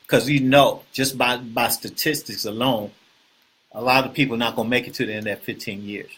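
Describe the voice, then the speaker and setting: A man hosting a casual real estate talk, animated and preachy, often repeating himself and asking the viewers questions. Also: mid-range voice, a little fast, breathy edge. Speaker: host.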